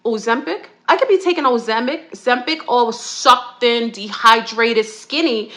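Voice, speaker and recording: Woman ranting on a livestream, bright voice, a bit high, preachy, laughs a lot. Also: moderate pace. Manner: ranting, preachy, laughs often, swings loud and soft. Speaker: livestream guest speaker. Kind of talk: impassioned livestream rant.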